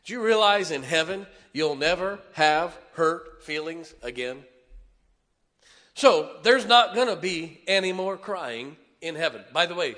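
A middle-aged male pastor preaching in a church, his voice bright and ringing. He builds to loud, punchy declarations, then drops to quiet, intimate asides with the congregation. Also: fairly high pitch. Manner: swings from shouting emphasis to hushed, tender asides. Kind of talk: sermon. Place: church sanctuary.

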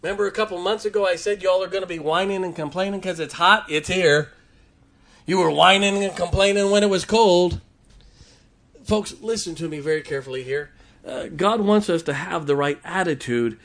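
A man preaches to his congregation. His voice sits fairly high, and he moves between casual, joking asides and emphatic, rising declarations. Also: moderate pace, fairly bright tone. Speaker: pastor. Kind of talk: sermon.

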